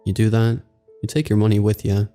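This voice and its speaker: A man voicing a gruff male mover who talks in a curt, dismissive way. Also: lowish voice, flat delivery, fairly quick, warm tone, faint music behind, natural voice.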